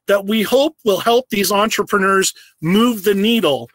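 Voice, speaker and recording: A man who owns a business, delivering a prepared, earnest storytelling speech with slow, emphatic phrases. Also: sits high, fairly bright tone, dry recording. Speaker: business owner giving an awards speech.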